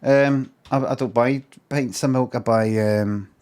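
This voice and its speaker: A middle-aged Scottish man rambling through a comic rant on a live stream. He swears constantly, circles back and repeats himself, and keeps a plain, average pitch. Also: fairly even intonation, a little slow, darkish tone, slight background noise.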